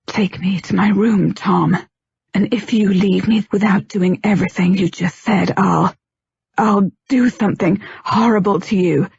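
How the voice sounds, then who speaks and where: A woman's voice: medium pitch, fairly even intonation, a little slow, vocal fry, darkish tone, husky, no echo, full character voice. A woman doing a proper, teasing young lady. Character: proper, witty young lady, nervous bride. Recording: dull lo-fi, dry.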